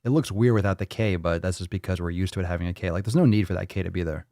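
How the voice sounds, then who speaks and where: A man with a low voice hosts a fitness live stream and chats casually. He rambles and jokes, and he swears freely. The sound is dry and close, with no room echo. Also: very fast, warm tone. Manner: rambling, joking, profane. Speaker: fitness livestream host.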